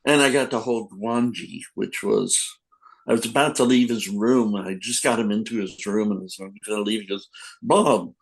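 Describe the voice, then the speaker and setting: A man's voice: fairly low pitch, normal speed, gravelly, rough recording. An older man, a comic book editor, telling rambling anecdotes in a casual podcast interview, acting out quotes.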